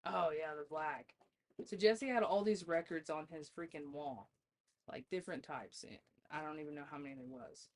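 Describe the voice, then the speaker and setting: A woman's voice: deep voice, moderate pace. A woman guest on a podcast, telling stories in a casual chat, laughing often and swearing freely.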